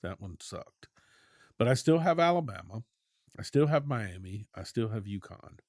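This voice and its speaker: Animated man chatting about sports. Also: fairly low pitch, no echo, clean studio sound. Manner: animated, opinionated, quick back-and-forth. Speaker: sports talk show host. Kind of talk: casual sports chat.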